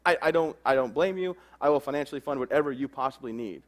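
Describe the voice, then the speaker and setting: A young man gives a motivational speech to a crowd, spinning a story with jokes along the way. He talks at a brisk clip and jumps into the voices of the people in his story, with a pitch in a middle range for a man. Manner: joking storyteller, acts out quoted dialogue. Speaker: motivational speaker.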